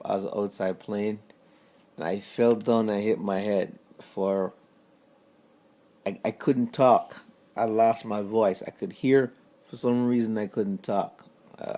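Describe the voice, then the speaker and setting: A man telling a personal story about his grandfather straight to camera, in a casual, halting way that repeats words. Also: fairly low pitch, steady tone, warm tone. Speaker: vlogger.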